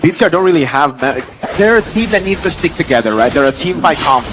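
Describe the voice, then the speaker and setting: A man breaking down an esports match as color commentator in a high voice, chatty and full of fillers. A faint music bed plays behind him. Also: fast talker, poor audio. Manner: chatty, excitable, filler-heavy analysis. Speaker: esports analyst.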